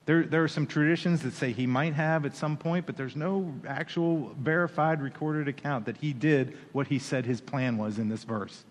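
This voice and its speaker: A man preaching a sermon as pastor, animated, with playful asides and acted-out quoted voices. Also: on the high side, moderate pace, hardly any pauses, long reverb tail.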